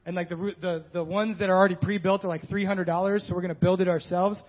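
A man's voice: high-pitched, little pitch movement, fast. A male pastor preaching a sermon in a conversational style with joking asides. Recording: dull lo-fi sound.

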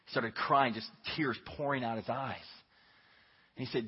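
A man preaching a Sunday sermon, telling a story in an earnest, conversational way that swings between hushed and emphatic. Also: medium pitch, steady tone, moderate pace, pauses often, slightly rough. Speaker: pastor. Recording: echoey hall, dull lo-fi sound.

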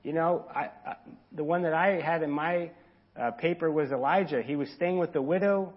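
Husky man preaching conversationally. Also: normal speed, highs cut off. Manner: conversational, acts out quoted voices with rising pitch and volume. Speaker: pastor. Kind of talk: sermon.

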